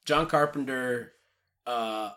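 Young male podcast co-host, bright forceful tone, loose jokey film chat. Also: medium pitch, takes it slowly. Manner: jokey, swearing, doing silly voices.

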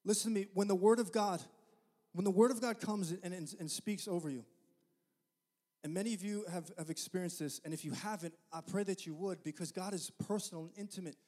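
A man's voice: high-pitched, darkish tone. A man preaching a sermon to his church, impassioned and repeating phrases for emphasis. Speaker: pastor. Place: church sanctuary. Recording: long hall reverb.

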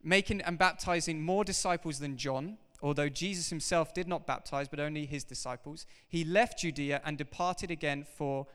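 A man preaching a sermon to his congregation, animated and emphatic, talking straight to the people in front of him. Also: fairly high pitch, normal speed, hardly any pauses, clean tone. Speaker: pastor. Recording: reverberant hall.

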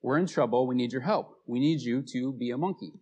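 A man's voice: mid-range voice, a little fast, dark tone, slightly rough, natural voice. A man voicing pushy zoo staff who coax a man into taking an odd job. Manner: coaxing, insistent.

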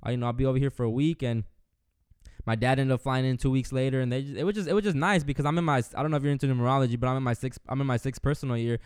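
A man's voice: mid-range voice, very fast, clear, resonant tone, dry recording, clean studio sound. A man in casual chat who tells stories vividly and acts out what his relatives said. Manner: animated storyteller, acting out relatives' words.

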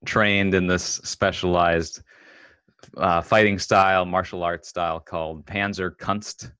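A man talking casually about a movie in a measured, thoughtful way, pausing with fillers as he searches for words. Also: deep voice, fairly even intonation, sharp tone, clear, resonant tone, dry recording, clean studio sound. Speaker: co-host discussing a film. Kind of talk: casual film discussion.

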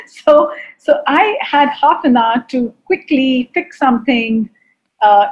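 Woman guest talking mindfulness, kinda high voice, dull muffled sound. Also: animated, slow pace. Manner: earnest, with light laughs and repetitions. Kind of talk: reflective conversation on mindfulness.

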